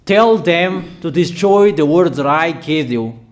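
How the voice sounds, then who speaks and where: A man's voice: fairly high pitch, lively intonation. Emphatic man preaching declarations. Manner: emphatic, repetitive, with pauses and fillers. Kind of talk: sermon declarations.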